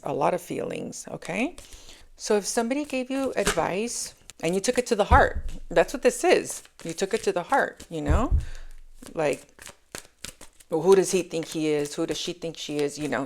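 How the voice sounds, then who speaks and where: Lady reading tarot cards, low voice with lots of vocal fry, keeps saying okay. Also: darkish tone, slight background noise. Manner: chatty, repeats "okay?" often; addresses listeners as angels. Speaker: tarot reader. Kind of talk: casual spoken tarot reading.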